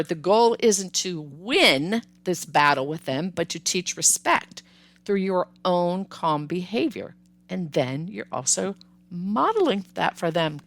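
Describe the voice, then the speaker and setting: A woman's voice: lowish voice, fairly bright tone, dry recording. A woman hosting a parenting podcast, giving upbeat, conversational advice and sometimes acting out what parents and children say. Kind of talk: solo podcast advice talk.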